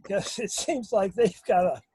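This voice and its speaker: A man talking casually in a remote group discussion, halting, with many fillers and restarts. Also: high-pitched, dark tone, husky, no room sound, poor audio. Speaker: guest on a paranormal discussion.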